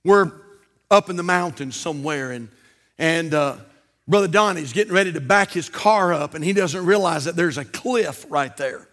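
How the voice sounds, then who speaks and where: A male pastor preaching a fiery sermon in a church, swinging between shouted warnings and hushed asides. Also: a little high, moderate pace. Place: church auditorium.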